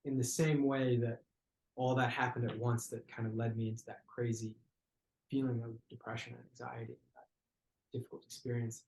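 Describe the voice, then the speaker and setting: A man's voice: mid-range voice, level tone, normal speed, darkish tone. Reflective man telling a story in a roomy room. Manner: searching, hesitant phrasing with frequent "like" and restarts. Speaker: podcast guest, actor. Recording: roomy podcast recording.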